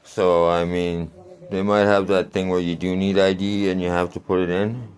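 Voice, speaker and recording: A man's voice: low-pitched, flat delivery, moderate pace, a little mellow. A man in his forties telling a rambling, crude story in a casual vlog, laughing often. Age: 40s. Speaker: vlogger.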